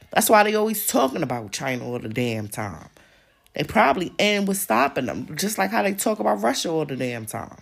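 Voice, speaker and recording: Gravelly low-voiced woman ranting angrily. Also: fairly bright tone. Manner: angry, profane, emphatic ranting. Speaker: podcast host. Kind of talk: ranting open-discussion monologue.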